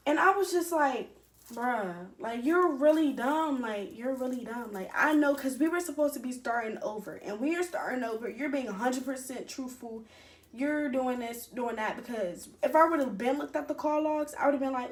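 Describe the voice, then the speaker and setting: A young adult woman telling a personal story casually to her camera, animated, profane and candid, talking straight to her viewers. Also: high voice, moderate pace. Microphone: camera set up in front of her.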